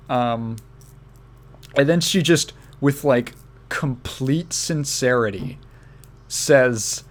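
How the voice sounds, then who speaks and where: A man's voice: medium pitch, takes it slowly, pauses often. A young man hosting a podcast, telling a story casually with restarts and fillers. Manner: rambling with many restarts and laughs. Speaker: podcast host.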